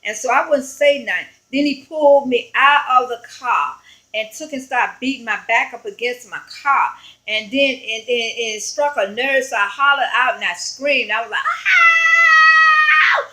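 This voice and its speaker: A woman evangelist speaks to her viewers in a crisp, bright voice that sits a little high. She tells her story in an earnest, conversational way and keeps pausing with fillers as she goes. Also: rough recording. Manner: halting, rambling retelling full of fillers. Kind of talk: personal storytelling vlog.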